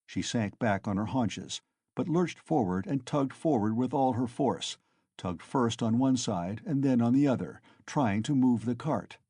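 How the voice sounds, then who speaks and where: A man narrating a classic novel as an audiobook, in a measured, dramatic way. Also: medium pitch, animated, mellow, husky, no echo, clean studio sound.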